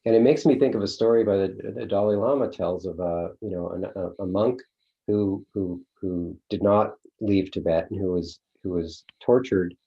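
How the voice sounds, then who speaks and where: With a deep voice, fairly even intonation and a moderate pace, a middle-aged course leader gives a casual teaching talk. He uses lots of fillers and a rhetorical "right?", all on a dull lo-fi recording.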